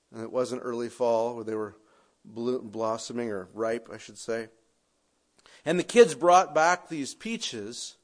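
A pastor preaching a sermon, expressive, shifting from raised emphasis to quiet conversational asides. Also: male voice, mid-range voice.

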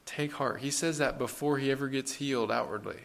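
Man, sermon, conversational, earnest, rhetorical questions, mid pitch. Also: quick pace, vocal fry, a bit bright. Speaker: preacher.

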